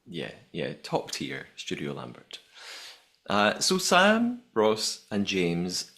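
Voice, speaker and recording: Man hosting a lively recap podcast. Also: low voice, slow pace. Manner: animated, jokey, reads from notes. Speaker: podcast host. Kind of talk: episode recap chat.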